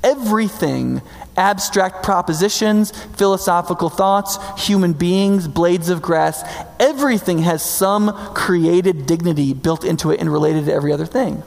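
A man preaching a sermon in a conversational, emphatic way, slowing down to stress key words. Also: high voice, vocal fry, darkish tone. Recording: long reverb hall.

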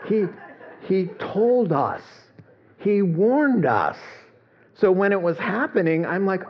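A man's voice: high-pitched, sing-song, takes it slowly, highs cut off. A man preaching a sermon in a conversational, storytelling way, quoting voices and chuckling as he goes. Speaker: pastor.

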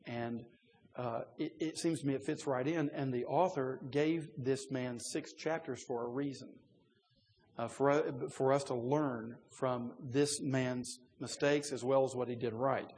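A man preaching a sermon in a loose, conversational teaching manner, with frequent fillers and restarts and a voice that rises when he gets animated. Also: medium pitch, a little slow, long reverb tail.

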